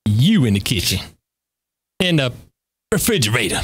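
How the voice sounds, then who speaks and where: A man's voice: mid-range voice, big pitch swings, normal speed, slightly rough. A man hosting a casual talk show, playful, laughing often and quoting movie lines. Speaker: radio show host. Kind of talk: casual chat.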